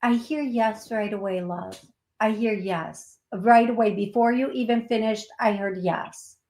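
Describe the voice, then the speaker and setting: A woman with an Upper Midwest accent hosting a call-in psychic show, calling people love in a soothing, unhurried way. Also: mid-range voice, steady tone, echoey room. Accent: Upper Midwest American. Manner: warm, calls people love, slow and soothing; laughs at herself, gets giggly. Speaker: psychic medium host.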